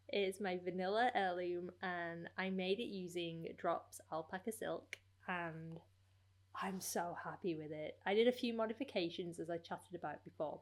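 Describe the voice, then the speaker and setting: Knitting podcast host, female, slightly low voice, relaxed rambling chatter. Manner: chatty, rambling with many fillers. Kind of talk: casual chat.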